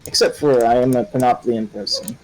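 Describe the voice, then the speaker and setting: A man's voice: medium pitch, darkish tone, slight background noise, lightly acted, rough recording. A man putting on a Russian-accented nobleman. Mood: hesitant. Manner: hesitant, halting. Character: wandering young nobleman.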